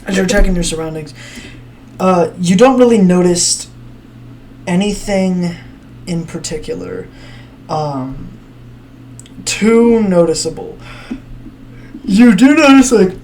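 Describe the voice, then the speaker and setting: A laid-back game master narrating a tabletop scene in an unhurried, easygoing way, often laughing and trailing off with fillers. A faint hiss of noise sits behind the voice. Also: medium pitch, darkish tone.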